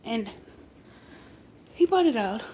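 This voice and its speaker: A woman in her early twenties telling a personal story to her camera late at night at home, excitable and animated, often restarting her sentences. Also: on the high side, takes it slowly, a little hiss or hum. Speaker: vlogger. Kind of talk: casual storytelling vlog.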